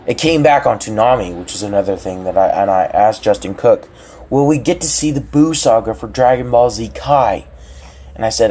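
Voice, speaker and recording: A young man telling a story on his vlog, excitable and rambling with many restarts. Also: lowish voice, moderate pace, a little hiss or hum. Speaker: vlogger.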